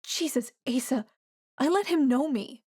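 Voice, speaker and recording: A woman's voice: mid-range voice, steady tone, normal speed, darkish tone, no echo, studio quality, close to an everyday voice. A woman voicing a hurt, wary young woman scientist in an audiobook, speaking in an emotional, pleading way. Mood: anguished.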